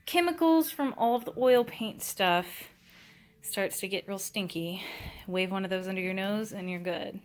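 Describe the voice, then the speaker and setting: A woman's voice: medium pitch, slight background noise. A young woman chatting casually as she shows her art supplies, full of fillers and restarts. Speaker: vlogger giving a studio tour. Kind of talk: casual chat.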